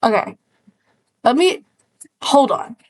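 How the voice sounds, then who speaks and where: A woman streamer with a high voice talks at a slow, unhurried pace, rambling through self-deprecating asides and fillers. She is from the northern United States. Her voice sits close and dry on a desk mic. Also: lively intonation, no echo, low-quality recording. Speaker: streamer reacting to videos. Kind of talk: casual reaction commentary.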